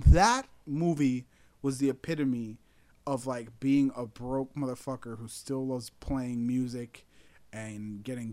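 A man's voice: medium pitch, no echo. A man chatting casually, rambling and laughing often, acting out quotes as he tells a story. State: intoxicated. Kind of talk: casual chat.

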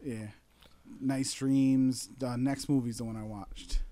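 A man's voice: mid-range voice, fairly even intonation, slow pace, dark tone, dry recording. A man chatting casually, rambling and laughing often, acting out quotes as he tells a story. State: intoxicated. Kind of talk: casual chat.

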